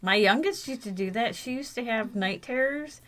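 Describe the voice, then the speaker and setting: A woman's voice: on the high side, moderate pace, a bit bright, slight background noise. A woman co-hosting a casual podcast chat, tossing in laughing, joking asides. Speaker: podcast co-host.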